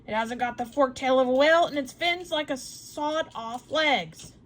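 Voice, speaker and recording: A woman reading a storybook aloud and voicing an eager, brash male harpooner with loud, emphatic lines. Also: sits high, moderate pace. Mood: excited.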